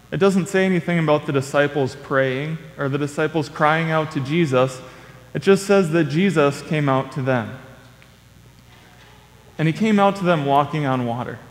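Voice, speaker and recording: Young man preaching in an echoey hall. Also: on the high side. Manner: conversational storytelling with playful acted quotes. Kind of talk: sermon. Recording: long echoey reverb of a large hall.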